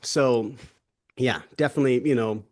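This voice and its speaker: A man's voice: mid-range voice, normal speed, darkish tone. An easygoing young adult man co-hosts a wellness talk. He rambles with plenty of restarts and asides and throws in playful jokes. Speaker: co-host of a wellness summit. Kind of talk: casual conversational chat.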